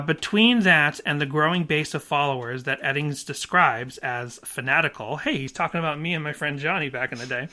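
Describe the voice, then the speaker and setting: A man hosting a podcast, casually reading an article aloud with quick asides and chuckles. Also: on the high side, bright, forceful tone. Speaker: podcast host.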